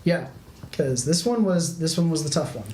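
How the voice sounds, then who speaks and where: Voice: mid-range voice, animated, moderate pace. Casual, meandering game master narration; roomy room echo, faint noise underneath. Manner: loose, rambling narration with frequent restarts and "like".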